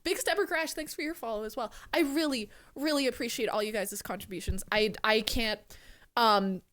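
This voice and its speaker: A young woman in her twenties streaming live, excitedly thanking donors, swearing and fighting back tears. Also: fairly high pitch, moderate pace. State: close to tears. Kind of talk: casual live-stream chat.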